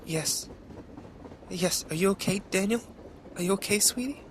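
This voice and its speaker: A man voicing a frantic rural woman who pleads in a high, breathless voice. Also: moderate pace, a little hiss or hum, close to an everyday voice. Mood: shaky.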